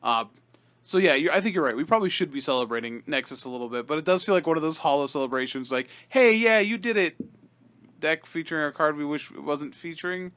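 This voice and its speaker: A man's voice: on the high side, quick pace, a bit bright. A man co-hosting a casual podcast, talking things over with lots of fillers and restarts. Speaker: podcast co-host. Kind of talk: casual chat about card game.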